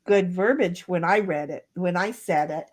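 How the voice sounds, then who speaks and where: A woman co-hosting a casual livestream chat, reading viewers' comments aloud in an animated, laughing way. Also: lowish voice, moderate pace, a little hiss or hum. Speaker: stream co-host.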